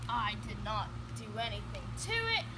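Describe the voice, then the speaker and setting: A woman's voice: fairly high pitch, sing-song, moderate pace, very noisy. A girl putting on a cheerful wildlife man who tells his own life story and keeps saying crikey and mates. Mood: chatty. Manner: says crikey and mates often.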